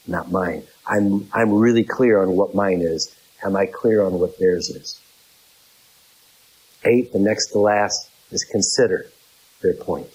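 Slow, deliberate middle-aged preacher man. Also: darkish tone, breathy edge, rough recording. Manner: deliberate, numbered points, repeats key phrases; acts out quoted voices in a high pitch. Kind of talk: sermon.

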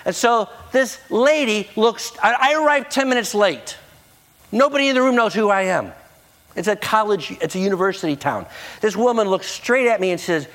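Animated man preaching, acting out his story. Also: high voice, moderate pace. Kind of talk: sermon with storytelling.

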